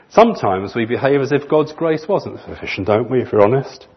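A man preaching a sermon in an earnest manner, stretching key phrases slowly for emphasis. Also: mid-range voice, lively intonation, darkish tone, husky. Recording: muffled lo-fi recording.

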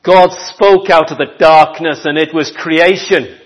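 A man preaching a sermon, swinging from loud declarations to hushed, near-whispered passages. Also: on the high side, fairly even intonation, a little slow.

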